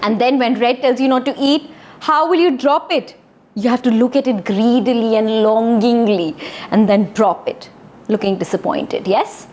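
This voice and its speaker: A woman telling a story to children and coaching them to act it out, encouraging and animated. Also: a little high, moderate pace, slight background noise. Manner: encouraging, animated, gives instructions. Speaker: storyteller and drama leader for children. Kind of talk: interactive story enactment for kids.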